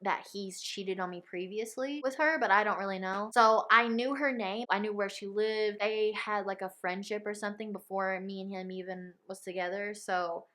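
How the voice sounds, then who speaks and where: A young woman telling a personal story to camera in a casual vlog, with lots of filler words and animated retellings. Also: medium pitch, moderate pace, hardly any pauses. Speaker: vlogger.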